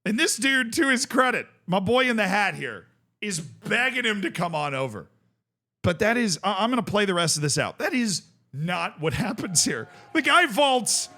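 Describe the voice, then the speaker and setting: Brief: young male host, casual reaction commentary, bright forceful tone, amused and excitable. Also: high voice, normal speed. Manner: excitable, amused, often breaks into laughter.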